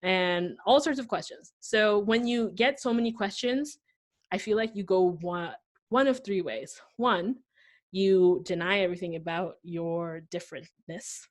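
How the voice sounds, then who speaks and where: A young woman from Pakistan, a guest on an interview podcast, telling her story in a lively conversational way and acting out the voices of people she quotes. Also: on the low side. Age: young adult.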